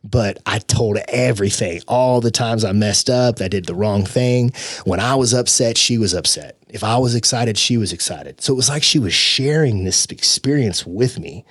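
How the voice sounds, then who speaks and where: A man telling a personal story as a podcast guest in an earnest, animated, casual way. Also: lowish voice, moderate pace, no echo, studio quality. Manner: earnest, animated storyteller who says "dude".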